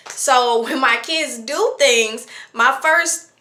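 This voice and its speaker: A woman in her late twenties speaks in a bright, clear voice, pitched a little high. She talks casually to the camera, chatty and reflective, and fills her thoughts with ums and you-knows. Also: slow. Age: 20s. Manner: chatty, reflective, many fillers. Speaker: vlogger.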